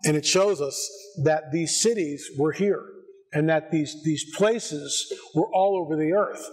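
An American man addresses a church audience with an animated, fairly high voice. He shifts between low, wry asides and sudden near-shouted bursts. The delivery is a live conference talk. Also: measured pace. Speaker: conference speaker. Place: church sanctuary before an audience.

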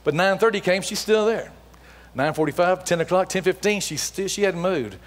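A middle-aged man giving a storytelling sermon as a guest speaker, acting out the dialogue as he tells it before softening to a hushed appeal. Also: high-pitched, moderate pace. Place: church sanctuary. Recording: long hall reverb in a church.

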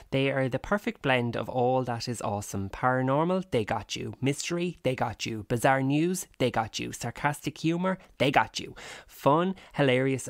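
A man co-host with a mid-pitched voice, recorded close and dry. He chats casually and jokes and teases, and he stumbles over names when reading aloud. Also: dry recording. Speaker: podcast co-host. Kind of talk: casual comedic chat.

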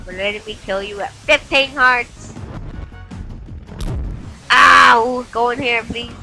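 Brief: young female gamer, bright sharp tone, slow drawn-out lines broken by yelps. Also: on the high side, gravelly. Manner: yelps and shouts at the game. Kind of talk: excited gameplay commentary. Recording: faint game music behind.

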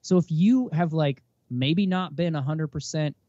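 A man in his thirties speaks as a podcast guest, his voice slightly high but mellow and dark in tone. He talks emphatically, in animated, preachy bursts. The sound is dull and lo-fi, with a dry, close feel. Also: measured pace, no echo. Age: 30s. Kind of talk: casual interview talk.

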